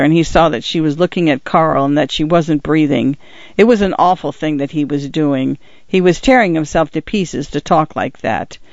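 A man narrating a story in a steady, even audiobook reading. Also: fairly high pitch, gravelly, dry recording. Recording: dull, lo-fi dry recording.

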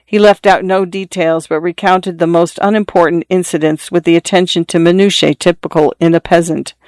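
A narrator reading a story in a measured, even way. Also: mid-range voice, no echo. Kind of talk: audiobook narration.

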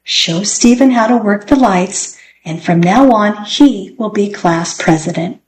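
A woman's voice: mid-range voice, measured pace, a little mellow, a little hiss or hum, natural voice. A woman voicing a firm, matter-of-fact female schoolteacher who lectures without hurry. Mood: stern.

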